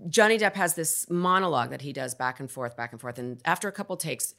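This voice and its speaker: A woman with a low voice and a gravelly edge talks as a podcast guest. She tells her story candidly and with animation. The delivery is loose and conversational, like unscripted chat. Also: expressive, quick pace, bright, forceful tone. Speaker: actor guest.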